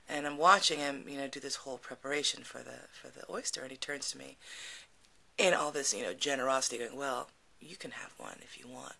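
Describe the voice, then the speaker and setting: Gravelly, bright-voiced woman telling a story. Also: deep voice. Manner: chatty, laughing, frank, many fillers. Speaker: podcast storyteller. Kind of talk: casual personal storytelling.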